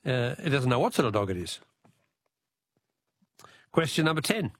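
Chatty Australian radio quiz host. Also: male voice, mid-range voice, big pitch swings, moderate pace, no room sound. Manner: chatty, jokey, chuckles at himself. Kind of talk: casual radio talkback.

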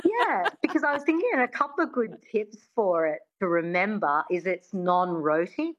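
A woman's voice: mid-range voice, very animated, moderate pace. A middle-aged woman who is a dialect coach, explaining accent work in an interview in an articulate, teacherly way. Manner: articulate, explanatory, breaks into laughter. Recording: dull lo-fi sound.

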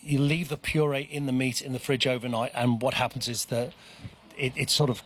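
A man's voice: medium pitch, little pitch movement, fairly quick, a little hiss or hum. A man, a guest chef talking casually on radio, hesitant with many restarts and fillers, at an outdoor event. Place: outdoor dog park.

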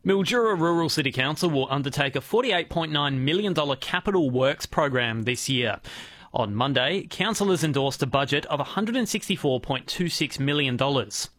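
A man reading a local radio news bulletin in a measured, formal way. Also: fairly high pitch, animated, a bit bright, no echo. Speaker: newsreader.

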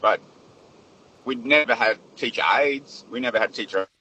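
An Australian man calling in to a radio show from his vehicle, talking in a relaxed, rambling way. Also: mid-range voice, normal speed, husky, lo-fi sound. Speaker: caller. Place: vehicle on the road.

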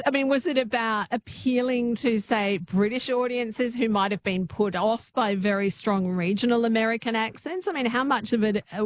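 Woman interviewer asking measured questions. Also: on the high side.

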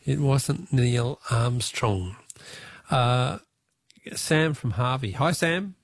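A jovial Australian man hosts a talkback radio quiz, chatting easily with callers. His voice sits a little high with a gravelly edge, close and dry in a studio. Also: no echo. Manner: jovial, chatty, quick laughs.

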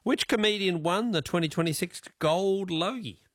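A man's voice: high-pitched, moderate pace, background noise. A man with an Australian accent hosting a radio quiz, chatting casually and often restarting his sentences with fillers.

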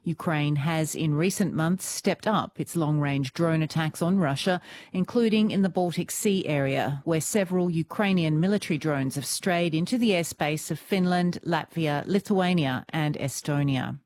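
Female newsreader, lower pitch, measured scripted delivery. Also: a little mellow. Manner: measured, formal. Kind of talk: scripted news bulletin.

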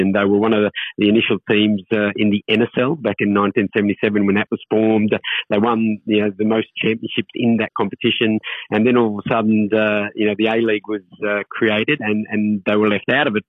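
A man's voice: on the low side, slightly rough, no echo. A man with a reflective, hesitant manner, full of fillers, speaking as a guest in a radio interview over a phone line. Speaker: interview guest, football club figure. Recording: tinny phone line, dry.

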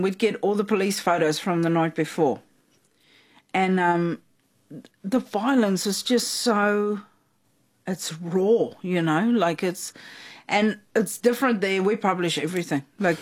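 South African woman guest, chatty storyteller with lots of fillers. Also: on the low side. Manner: chatty, laughs often, many fillers. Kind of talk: casual storytelling.

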